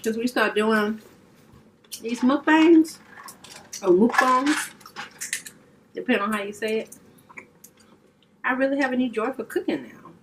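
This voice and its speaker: A woman's voice: on the high side, steady tone, fairly quick, long pauses, far from the mic. A woman from Louisiana co-hosting an eating video, chatting casually and laughing easily. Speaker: mukbang co-host. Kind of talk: casual chat while eating. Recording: voice from a bit away, light hiss.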